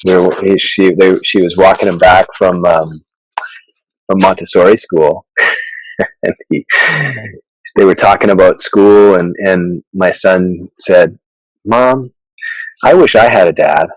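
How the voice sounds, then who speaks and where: Man, lowish voice, halting storyteller, many fillers, dry close sound. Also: flat delivery, dry recording, rough recording. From Canada. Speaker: chiropractor guest. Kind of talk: casual interview storytelling.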